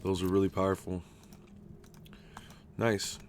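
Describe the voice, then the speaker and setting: Excitable swearing male game streamer. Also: low-pitched, unhurried, a little hiss or hum. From United States. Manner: excitable, swears a lot, chats with viewers by name. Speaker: gaming streamer. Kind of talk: casual live-stream chat while playing.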